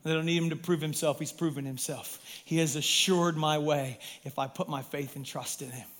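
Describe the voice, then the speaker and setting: A man, a pastor, preaching a sermon in an emphatic way, swinging from loud stresses down to hushed, quiet lines. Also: fairly high pitch, fairly even intonation, moderate pace.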